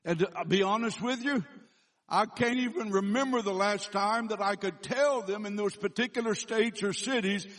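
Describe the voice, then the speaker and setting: High-voiced man preaching a sermon. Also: fairly bright tone. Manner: storytelling with frequent self-corrections and restarts; slows down for emphatic scripture quotes. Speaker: guest preacher.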